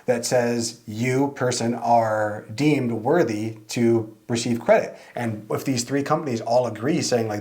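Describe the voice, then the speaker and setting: A man's voice: mid-range voice, unhurried, hardly any pauses, darkish tone. A man co-hosting a casual podcast, explaining at length and often saying "like". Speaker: podcast co-host.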